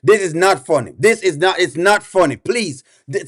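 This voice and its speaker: A man's voice: high voice, animated, normal speed, hardly any pauses, husky. A man reacting on a live stream, exasperated and pleading with his chat, repeating himself over and over.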